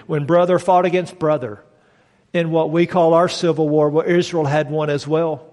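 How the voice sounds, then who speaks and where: Emphatic preacher in a reverberant hall. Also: male voice, sits high. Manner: emphatic preaching with call-and-response prompts. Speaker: pastor. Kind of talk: sermon. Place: church sanctuary. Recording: long reverb of a large hall.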